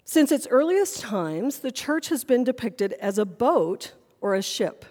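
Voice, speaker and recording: A woman's voice: on the high side, very animated, unhurried, darkish tone, in a large hall. A woman pastor preaching a sermon in a church sanctuary, earnest and full of questions.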